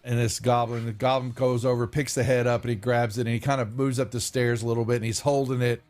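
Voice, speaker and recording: A man's voice: medium pitch, little pitch movement, fast talker, a little mellow. Rambling male game master. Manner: rambling, self-interrupting, casual. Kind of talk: narrating a tabletop game online.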